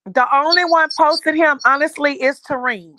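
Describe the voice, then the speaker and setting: Animated high-voiced woman gossiping on a stream. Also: normal speed, slight background noise. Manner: animated, laughs often, calls out to chat. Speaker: stream co-host. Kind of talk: casual gossip chat.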